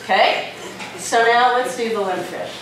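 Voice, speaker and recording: A woman giving a live talk at a conference, conversational and lively, often checking in with "right?" and "okay?". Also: fairly high pitch, unhurried. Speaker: conference speaker. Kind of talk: live presentation to an audience. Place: conference room with audience. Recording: echoey, distant hall recording with noise.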